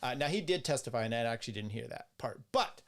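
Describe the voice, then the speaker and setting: A man's voice: medium pitch, expressive, fast talker. A man hosting a casual solo livestream, rambling with restarts, crude asides and laughs at his own remarks. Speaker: host.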